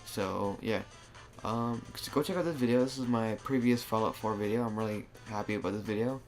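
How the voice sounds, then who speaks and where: Soft music plays under a man's lowish, fairly quick voice as he talks through his gameplay. The commentary is loose and rambling, with lots of filler words and restarted sentences. He's speaking into a new desktop microphone.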